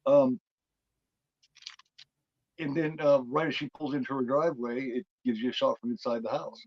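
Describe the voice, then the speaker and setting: A man's voice: medium pitch, steady tone, normal speed, no room sound. A man co-hosting a film review podcast, retelling a horror movie in a rambling, casual way with many fillers. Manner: rambling, full of fillers and restarts. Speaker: podcast co-host. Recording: dull dry lo-fi recording.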